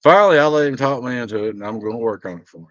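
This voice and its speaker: A blunt man rants to his viewers in a casual vlog and rambles through his grievances. His voice is mid-pitched. The recording is dry and a bit dull and lo-fi. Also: very fast, fairly bright tone, dry recording. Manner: blunt, aggrieved, rambling storytelling. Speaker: small business owner.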